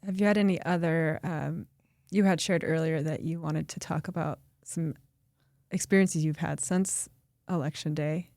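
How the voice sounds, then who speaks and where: A woman hosting a podcast interview, asking measured questions and listening quietly. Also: deep voice, fairly even intonation, dry recording, clean studio sound. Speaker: podcast host.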